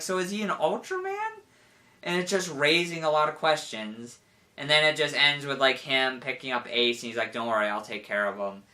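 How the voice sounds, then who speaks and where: A young man giving a casual spoken review, rambling with lots of "like" and animated retellings. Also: on the high side. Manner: rambling, full of "like", animated quoting with laughs.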